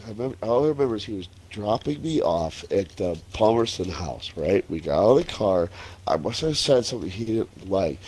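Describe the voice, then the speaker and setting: A man's voice: on the low side, a little mellow, husky. A man in his forties chatting casually while gaming, telling stories with lots of swearing and laughter. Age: 40s. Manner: profane, laughing storyteller. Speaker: streamer.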